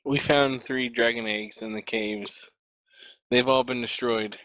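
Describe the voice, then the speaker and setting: A man speaking as a player in a tabletop game, halting and restarting his sentences. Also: mid-range voice, steady tone, fairly bright tone, no room sound, low-quality recording. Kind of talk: casual tabletop play.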